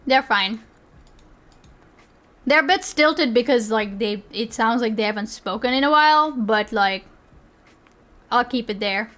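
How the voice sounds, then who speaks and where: A woman's voice: fairly high pitch, expressive, measured pace, pauses often, a bit bright. A woman streaming, reacting to clips in casual, rambling commentary, giggling and swearing freely.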